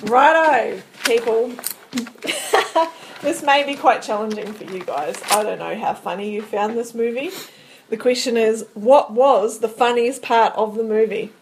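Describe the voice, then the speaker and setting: A woman hosting a casual movie chat, blunt and lively, swearing casually. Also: on the high side, a little slow, a little hiss or hum, poor audio. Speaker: podcast co-host asking questions.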